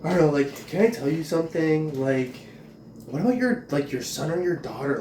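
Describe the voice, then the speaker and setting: A man's voice: on the high side, expressive, moderate pace, mellow, a little hiss or hum. Agitated, profane man ranting in a roomy space. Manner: profane, agitated, rambling with many "like" fillers. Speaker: vlogger. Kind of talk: ranting monologue. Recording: roomy, distant from mic, faint ambience.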